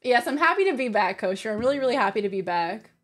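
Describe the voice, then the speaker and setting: A woman's voice: fairly high pitch, sing-song, fast. A woman livestreamer in casual chat, reading her viewers' messages aloud and laughing often.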